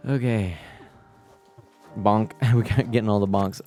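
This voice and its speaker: A man's voice: fairly low pitch, fairly even intonation, slow, pauses often, darkish tone, faint music behind. A man in his thirties hosting a family-friendly live stream, chatting loosely with viewers and laughing often. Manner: rambling and chatty, giggly, many fillers and restarts. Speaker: livestream host. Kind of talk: casual live-stream chat, reading viewer comments.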